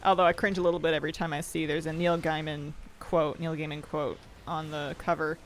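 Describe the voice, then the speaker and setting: A game streamer chats casually while playing, reading viewer questions aloud and laughing often, with faint game music behind. The voice is mid-range with little pitch movement and a slightly quick pace, plus a little hiss or hum.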